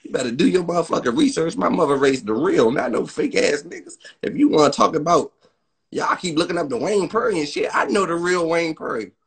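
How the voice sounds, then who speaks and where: Husky, defiant man ranting. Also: fairly high pitch, expressive, brisk. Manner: boastful, profane, defiant; swings between loud outbursts and muttered asides. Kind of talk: heated on-camera rant.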